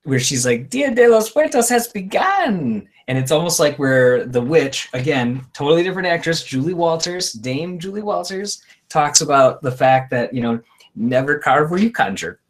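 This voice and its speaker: A man's voice: fairly high pitch, normal speed. A man co-hosting a casual live stream, chatting and reading out viewer comments. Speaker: co-host.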